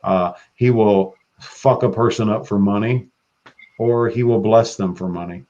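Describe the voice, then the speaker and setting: Man, podcast guest, profane and excitable, dull lo-fi sound. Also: fairly low pitch, measured pace. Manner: profane, excitable, laughs often. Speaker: guest practitioner. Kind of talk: casual podcast chat.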